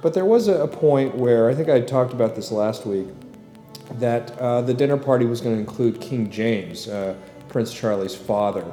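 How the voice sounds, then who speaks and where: A middle-aged man hosting a casual commentary podcast, relaxed and rambling with plenty of fillers. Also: mid-range voice, moderate pace, roomy sound, faint music behind. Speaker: podcast host and producer.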